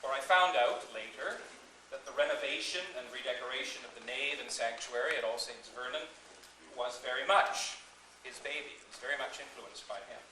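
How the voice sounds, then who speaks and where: A man's voice: medium pitch, normal speed, pushed and bright. A middle-aged man, an associate priest, giving a wry, anecdotal speech at a retirement party. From Canada. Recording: echoey distant recording with noise.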